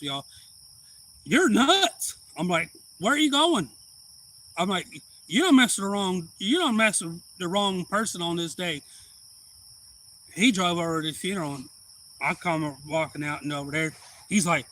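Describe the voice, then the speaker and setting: A man telling a long story casually on a live stream, acting out quoted voices loudly. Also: a little high, slight background noise, rough recording.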